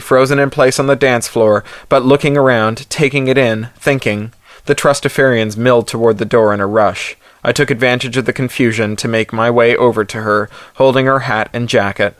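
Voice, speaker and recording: A male audiobook narrator reads a first-person story with a wry, hardboiled delivery. His voice is at a middling pitch and recorded dry and close, with no room sound. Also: a bit bright, dry recording.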